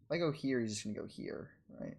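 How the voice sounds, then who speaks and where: A man in a casual chess vlog, narrating his own game in quick bursts and scolding himself for his mistakes. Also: medium pitch, lively intonation, darkish tone, breathy edge. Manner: frustrated, self-critical, talks in quick bursts and trails off. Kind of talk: casual self-commentary over a chess game.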